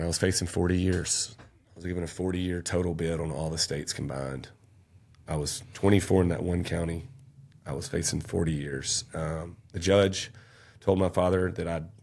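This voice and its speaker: A man's voice: low-pitched, vocal fry, a little mellow. A man, telling an intense, emotional personal story as a podcast guest. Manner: intense, emotional storytelling, raising his voice at peaks.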